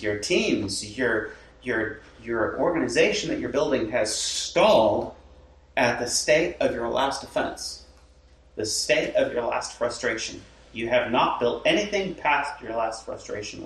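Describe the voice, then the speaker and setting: A man who leads a church, chatting loosely and voicing the grumbles people say to themselves, with laughs along the way. His voice sits at a middle pitch and comes from a distance in a roomy space. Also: unhurried. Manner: lively, acts out quoted inner talk, laughs often. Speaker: lead pastor. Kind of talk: casual chat. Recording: roomy sound from a distant mic.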